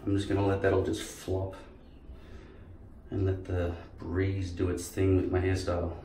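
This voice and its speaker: Heard from a distance in a roomy space, this vlogger has a low, warm voice with little pitch movement and a moderate pace, plus a faint hiss or hum. He rambles loosely, swears a lot, wanders from subject to subject, and jumps into impressions.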